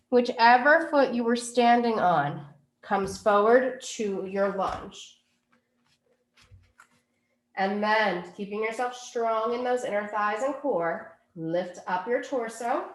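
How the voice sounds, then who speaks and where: A woman teaching a yoga class, giving calm, unhurried cues for poses and breathing. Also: a little high, reverberant. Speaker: yoga instructor. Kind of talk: guided yoga class instruction.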